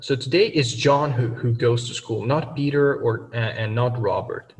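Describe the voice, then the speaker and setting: Man, language teacher, methodical explanations, mid-pitched voice, distant mic, reverberant room. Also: unhurried. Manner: methodical, explains with worked examples. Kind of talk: video language lesson.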